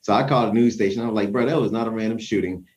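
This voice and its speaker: A man's voice: lowish voice, racing, a little mellow. A young man telling a story in casual conversation, acting out the quoted voices and chuckling often.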